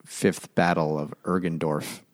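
A man with a very deep voice, recorded dry and close, tossing off deadpan crude quips in a book-club chat. He is one of the regular hosts. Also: measured pace, dry recording. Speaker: podcast co-host. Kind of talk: casual comedic book chat.

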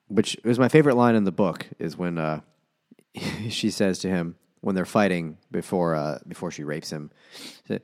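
A man co-hosting a casual book podcast, chiming in with dry, crude deadpan jokes. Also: low-pitched, a little fast. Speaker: podcast co-host. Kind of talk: casual book-club chat.

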